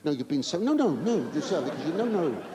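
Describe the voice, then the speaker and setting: A fairly high-pitched, very animated man speaks at a quick pace, with a crowd audible behind him. He's a stand-up comedian performing live on a large theatre stage, stammering through flustered asides and mock-indignant denials as he chats with and teases the audience. The live theatre recording carries audience laughter and hiss.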